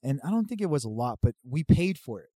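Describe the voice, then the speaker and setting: Foul-mouthed man with a mellow voice. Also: medium pitch, fast talker, no echo, clean studio sound. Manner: profane, animated storytelling. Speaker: podcast guest telling a story. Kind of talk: casual chat.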